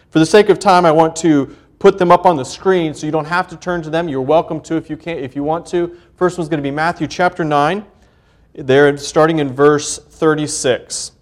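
Man, preacher, sermon, earnest, emphatic, scripture reading, fairly high voice. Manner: earnest preaching, rising emphasis on key points; reads scripture aloud in King James wording.

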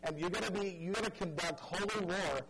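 A man preaching a sermon, telling a story dramatically and pleading earnestly with his listeners, dropping soft and stretching key words for emphasis. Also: high-pitched, a little fast, gravelly, heavy background noise. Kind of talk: evangelistic sermon.

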